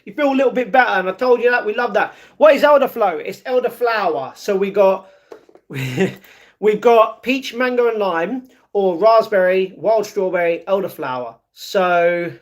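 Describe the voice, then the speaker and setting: A man with a very high voice chats on a live stream from home. He greets viewers one by one and talks back to their messages in an upbeat, chatty way. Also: lively intonation, measured pace. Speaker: live streamer reading chat. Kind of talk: casual live-stream chat.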